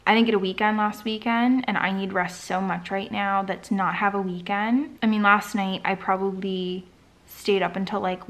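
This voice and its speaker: A young adult woman talking in a casual personal vlog, candid and reflective, with lots of "like" fillers. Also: medium pitch. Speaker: vlogger and startup founder.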